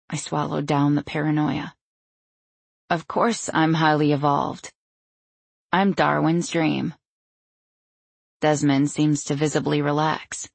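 A woman narrates a novel in the first person, wry and anxious. Her voice is gravelly and a touch husky, recorded close on a studio mic in a dry room. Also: deep voice, level tone, slow pace, pauses often, dry recording. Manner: wry, anxious inner monologue. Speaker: audiobook narrator.

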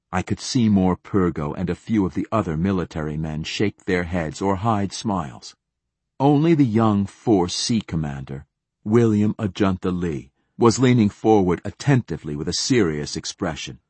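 A man narrating an audiobook in the first person, in a steady, even storytelling manner. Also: low voice, moderate pace, slightly rough, dry recording.

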